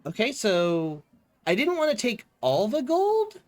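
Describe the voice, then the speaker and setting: Co-streamer, relaxed delivery; slow, animated pitch, casual swearing. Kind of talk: casual chat.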